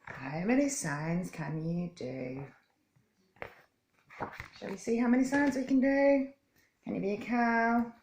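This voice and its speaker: A woman reading a picture book aloud to young children, in a gentle, coaxing way that invites them to join in, and showing simple hand signs step by step. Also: mid-range voice, animated, unhurried, gravelly, muffled recording, slight background noise. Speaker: children's story time presenter. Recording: echoey room.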